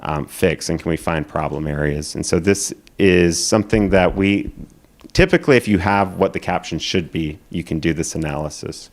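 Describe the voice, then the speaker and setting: Deep-voiced male presenter, hurried, explanatory, lots of ums. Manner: explanatory, hurried, filler-laden. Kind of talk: conference presentation.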